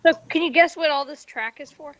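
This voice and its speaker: High-pitched chatty woman. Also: fairly quick, fairly bright tone, dull audio, slight background noise. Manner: chatty, easily distracted, keeps aside remarks going. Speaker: stream chat participant. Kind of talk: casual chat.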